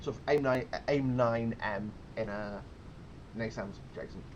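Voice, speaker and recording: A man's voice: medium pitch, measured pace, dull audio, background noise. Rambling man explaining a naval game. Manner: rambling, explanatory, frequent fillers and restarts. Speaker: gameplay commentator. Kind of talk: casual game commentary.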